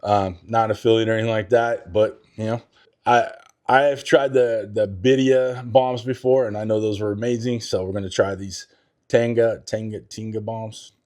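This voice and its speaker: A man's voice: on the low side, steady tone, moderate pace, a little mellow. A man hosting a casual home cooking vlog in a chatty, self-mocking way, stumbling over words as he talks through a recipe in his kitchen. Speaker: cooking channel host.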